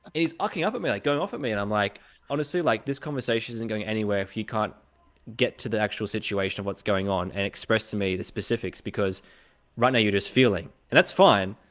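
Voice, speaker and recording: A young Australian podcast host talks fast in a fairly low voice on a casual show. He's an animated storyteller, acting out the lines of the other people in his stories.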